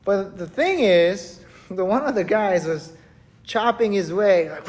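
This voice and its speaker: A preacher telling a story in a casual, conversational sermon, animated and chatty, often checking in with the listeners. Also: medium pitch, normal speed, a little hiss or hum. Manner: animated, chatty, keeps asking "right?". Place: church worship service.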